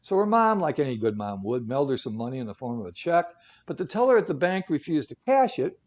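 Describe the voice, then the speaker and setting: A man's voice: medium pitch, sing-song, fast, a little mellow, highs cut off. A man co-hosting a talk show who tells stories casually, with jokey asides and lots of fillers. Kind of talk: casual storytelling segment.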